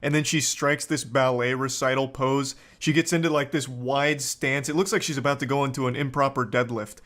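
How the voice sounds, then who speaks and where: A man in the middle of his range talks over a clip in dry, sarcastic commentary. He rambles into deadpan asides and mock-serious analysis. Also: medium pitch, brisk. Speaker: commentary host. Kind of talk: reaction commentary.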